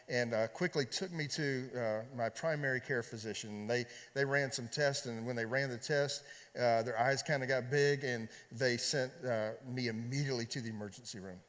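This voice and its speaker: A man preaching as a pastor, telling a personal story in a conversational, halting way with many fillers and repeated words. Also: medium pitch, fairly even intonation. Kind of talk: sermon storytelling. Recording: long hall reverb.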